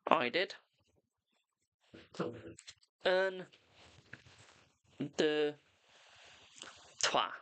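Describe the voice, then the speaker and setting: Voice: mid-range voice, very slow, a bit bright, smooth, dry recording. A tarot reader hosting a casual live stream, chatty and self-mocking, swearing freely.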